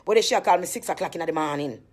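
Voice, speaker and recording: Fast-talking Jamaican woman ranting. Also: deep voice, a little mellow. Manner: indignant, rambling, swears freely. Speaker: vlogger selling skin cream. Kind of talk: casual rant to camera.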